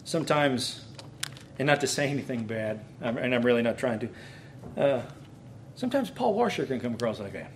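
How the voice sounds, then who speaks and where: A man, a pastor, giving a teaching talk on preaching in a lively, conversational way, with bursts of excitement. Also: medium pitch, fairly quick, long pauses, slight background noise.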